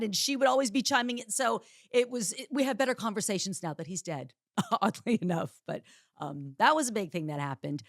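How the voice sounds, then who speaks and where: A woman hosting a solo podcast, telling personal stories in a candid, chatty way with dark jokes. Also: mid-range voice, a little fast, no echo, studio quality. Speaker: podcast host. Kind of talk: solo podcast monologue, casual storytelling.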